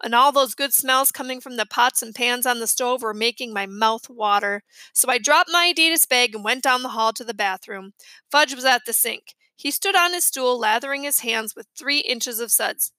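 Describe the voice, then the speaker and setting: A woman reading a children's chapter book aloud with lively storytelling. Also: fairly high pitch, moderate pace, no room sound. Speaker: reader.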